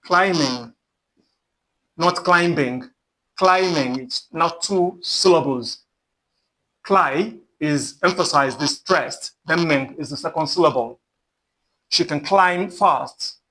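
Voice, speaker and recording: A man gives a pronunciation lesson in a slightly high voice. He speaks very slowly, repeating every word and example sentence deliberately so learners can follow. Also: sharp tone. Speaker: English pronunciation teacher.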